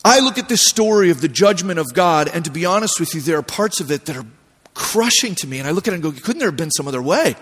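A man preaching a sermon as pastor, telling stories in a relaxed, conversational way with animated voiced asides. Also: fairly high pitch, quick pace. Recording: long hall reverb.

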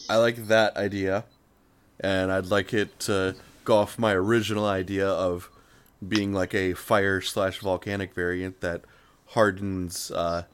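A man co-hosting a casual chat, easygoing and thoughtful, pausing with fillers as he builds on ideas. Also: low voice, smooth. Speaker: podcast co-host.

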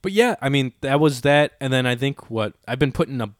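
A man hosts a podcast in loose, casual chat, rambling along and swearing freely. His voice sits at an ordinary middle pitch and sounds dry and close, with no room echo. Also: lively intonation, brisk. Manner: laid-back, rambling, swears often. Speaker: podcast host.

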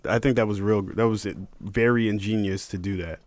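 A man's voice: on the low side, fairly even intonation, brisk, a little mellow. A man hosting a podcast, chatting bluntly and jokingly about games and stumbling over repeated words. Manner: blunt, joking, stammers on restarts. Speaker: podcast host. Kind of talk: casual gaming chat.

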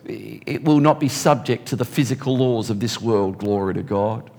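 A man preaching a sermon, reading scripture slowly and deliberately and slipping in joking asides. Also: lowish voice, fairly even intonation, vocal fry, warm tone.

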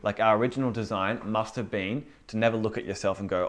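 In a lowish, fairly even voice, a preacher teaches a Bible lesson fast and with few pauses. He keeps it conversational and informal, tossing rhetorical questions at the room and voicing people's inner thoughts.

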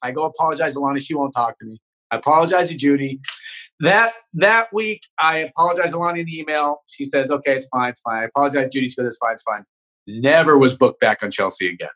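A man's voice: on the high side, a bit bright. A man, a comedian guest, telling a profane story in a podcast interview, often tagging sentences with "right?". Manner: rapid, profane, keeps checking in with "right?".

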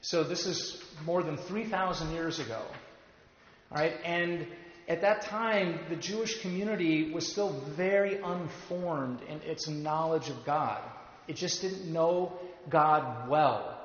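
Guy teaching sunday school, kinda high voice, roomy echo, a bit muffled. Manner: explanatory, leads group readings, pauses with fillers. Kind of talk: church class teaching. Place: church classroom. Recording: echoey roomy recording from a distance.

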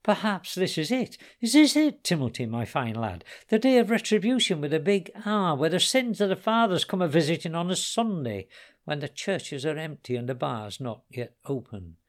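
A man's voice: medium pitch, normal speed, hardly any pauses, lightly acted. A man reading aloud and voicing a volatile, brooding Irishman who swings from taunting to mournful. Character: volatile Irishman, brooding and menacing, grieving grandson.

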